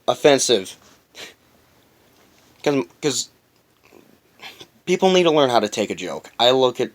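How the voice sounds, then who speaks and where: A man rambling through a casual storytime vlog, bluntly retelling a work story and swearing now and then. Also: mid-range voice. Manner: rambling, repeats himself, talks in run-on quotes. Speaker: vlogger.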